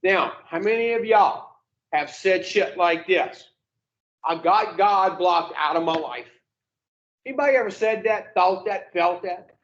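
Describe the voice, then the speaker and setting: A man's voice: high voice, unhurried, a bit bright, lo-fi sound. A man speaking to an addiction recovery group in a blunt, profane, plain-spoken way, firing rhetorical questions at the room. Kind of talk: blunt motivational talk to a group.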